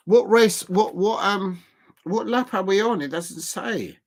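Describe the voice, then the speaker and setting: Slow, rambling South London man. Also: sits high, lively intonation. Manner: rambling, halting, many fillers and restarts. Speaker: live stream host. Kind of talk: live race watch-along commentary.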